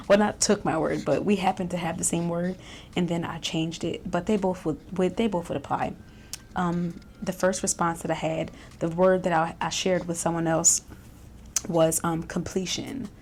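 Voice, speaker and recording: A woman vlogger chats casually in a lowish, gravelly voice, circling back on her words with fillers and restarts. Faint noise sits under the recording. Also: steady tone, normal speed, a little mellow. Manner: chatty, self-reflective, many fillers and restarts, laughs often. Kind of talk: casual reflective chat.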